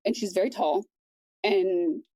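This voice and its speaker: A woman guest on a podcast, recounting a personal experience in a quiet, measured way with frequent restarts. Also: mid-range voice, no room sound, low-quality recording. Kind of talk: personal storytelling in conversation.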